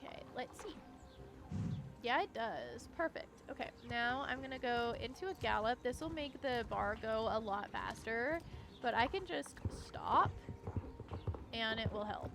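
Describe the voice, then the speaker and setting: A young woman streaming a game, chatting casually and giggling while she thinks out loud. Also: fairly high pitch, animated, a little slow, creaky. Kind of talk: casual gameplay commentary.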